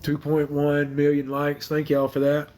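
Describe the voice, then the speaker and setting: Tearful guy livestreaming from his bedroom on a phone, halting and apologetic, very slow delivery. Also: a little high, completely flat delivery, darkish tone, a little hiss or hum. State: crying. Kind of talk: casual livestream chat. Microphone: phone camera.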